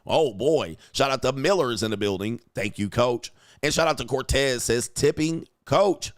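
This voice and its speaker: A man's voice: mid-range voice, animated, normal speed, no room sound, clean studio sound. Blunt, profane man hosting a livestream. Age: young adult. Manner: blunt, profane, slangy ranting. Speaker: dating coach and livestream host. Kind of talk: livestream chat, reading viewer donations aloud.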